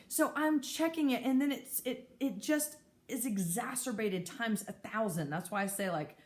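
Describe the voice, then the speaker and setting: A woman speaks in a somewhat high voice, frank and animated as she talks openly to her viewers. She laughs often and slips into anxious inner voices to act out her thoughts. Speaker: mental health advocate and video host. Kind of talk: candid solo talk to camera.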